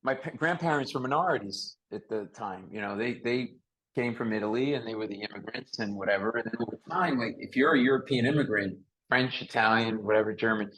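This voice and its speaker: Brief: nasal male comic host, animated and joking, mid-range voice, talking over a video call. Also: mid-range voice, brisk, low-quality recording. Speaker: podcast host. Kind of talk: casual comedic chat.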